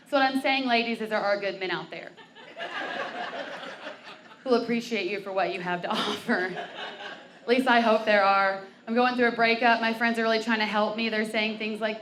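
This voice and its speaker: A woman's voice: fairly high pitch, fairly even intonation, normal speed, fairly bright tone, a little hiss or hum. A young woman performing a bawdy stand-up set on a brewery stage, telling stories with acted quotes. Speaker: stand-up comic. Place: brewery comedy stage before a live crowd.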